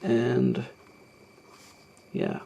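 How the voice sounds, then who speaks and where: A man's voice: mid-range voice, huge pitch swings, extremely slow, gravelly, mellow, slight background noise. A man talking through a drawing tutorial as he sketches, hesitant and rambling, with many ums and self-deprecating asides. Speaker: art tutorial host. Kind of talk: narrating a live drawing tutorial.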